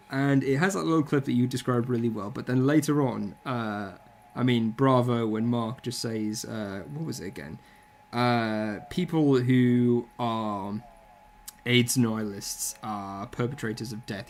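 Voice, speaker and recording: A man's voice: mid-range voice, normal speed, gravelly, a little mellow. A man, chatting casually and bluntly, with strong opinions and plenty of swearing. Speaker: podcast co-host. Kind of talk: casual chat.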